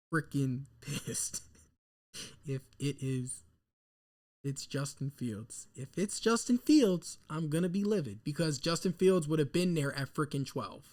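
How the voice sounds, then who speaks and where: Man, high voice, excitable, nervous rambling, live fan reaction stream, desk mic. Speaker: sports fan host.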